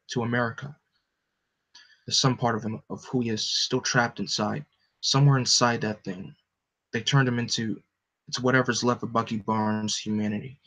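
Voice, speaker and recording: A man's voice: mid-range voice, a bit bright, natural voice. A man reading the part of a grim, earnest male superhero soldier. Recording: dull lo-fi recording.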